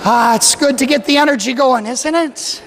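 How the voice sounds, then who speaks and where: A man's voice: very high-pitched, moderate pace, slight background noise. A man leading a sermon as a parish priest, playful and joking as he has the congregation repeat a cheer after him. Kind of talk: sermon with a call-and-response cheer. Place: large church with a congregation. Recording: echoey church with crowd behind.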